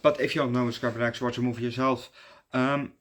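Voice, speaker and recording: A man's voice: mid-range voice, level tone, brisk. A man giving a casual, rambling movie review, circling back with lots of fillers and restarts.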